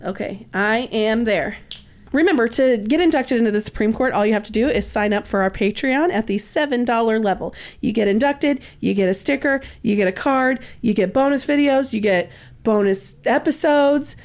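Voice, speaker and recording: A woman's voice: a little high, normal speed. A woman co-hosting a podcast in casual, playful chat, laughing often. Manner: giggly, playful banter. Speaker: podcast co-host.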